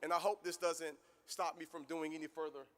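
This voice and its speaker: A man's voice: on the high side, little pitch movement, a little fast, fairly bright tone, slight background noise. A man giving a motivational speech as guest speaker at a graduation ceremony, telling stories and building to a preaching cadence.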